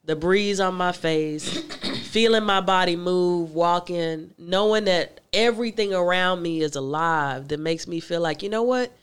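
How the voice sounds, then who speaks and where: A woman host in casual chat, speaking in a calm, reflective way. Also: fairly low pitch, measured pace, clear, resonant tone.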